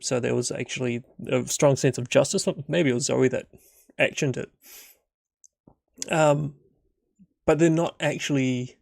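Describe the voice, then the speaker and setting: Gravelly-voiced guy rambling through a solo tabletop session, dry close sound. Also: mid-range voice, no echo. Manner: rambling, full of fillers. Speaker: game master. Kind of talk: solo tabletop game narration.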